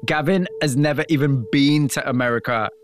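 A man presenting a radio program, mixing scripted narration with measured, empathetic interview questions. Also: medium pitch, background noise.

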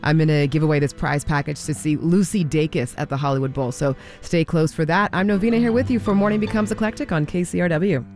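A woman hosting a music radio show, announcing the station and upcoming songs in a relaxed, chatty way. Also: low-pitched, fast talker, few pauses. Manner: relaxed, chatty, laughs lightly. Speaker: radio DJ host.

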